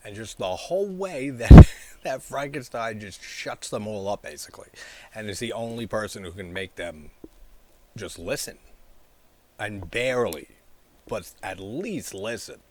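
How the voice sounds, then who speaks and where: A man's voice: on the low side, warm tone, slight background noise. A man chatting casually about a horror film, rambling with lots of "like", laughing often and swearing freely. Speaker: horror movie reviewer.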